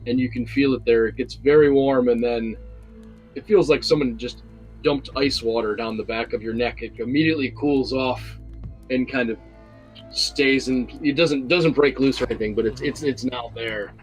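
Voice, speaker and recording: A man's voice: mid-range voice, steady tone, normal speed, soft background music, poor audio. Hesitant male game master. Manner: rambling, hesitant, with many fillers. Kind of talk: narrating a tabletop game.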